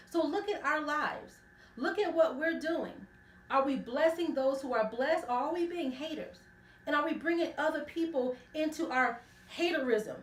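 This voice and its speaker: A woman hosting a radio ministry, giving a conversational Bible lesson and retelling the story with lively voices for each character. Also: high-pitched, roomy sound, recorded from a distance.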